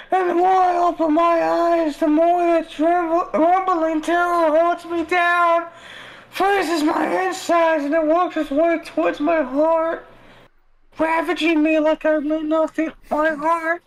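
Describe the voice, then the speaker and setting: A man voicing a frightened young heroine trapped in darkness, reading a visual novel dramatically in a high, strained falsetto. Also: level tone, slow pace, vocal fry, exaggerated voice, poor audio. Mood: fearful.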